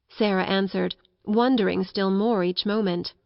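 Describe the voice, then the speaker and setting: A woman reading a classic children's novel aloud, narrating gently and lifting her voice for the characters. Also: medium pitch, moderate pace, no echo, dull audio. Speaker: audiobook narrator.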